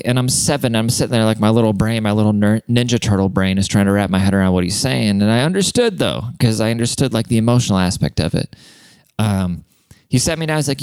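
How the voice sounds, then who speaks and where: A man's voice: on the low side, animated, brisk, gravelly, darkish tone, smooth, no echo. A young man telling stories on a podcast, rambling and swearing, often breaking into laughs. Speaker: podcast host. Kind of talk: casual podcast monologue.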